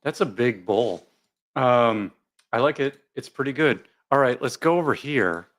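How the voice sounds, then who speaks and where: A man's voice: mid-range voice, animated, measured pace, a bit bright. A man hosting a casual live commentary stream, joking, rambling, and reading viewer comments aloud.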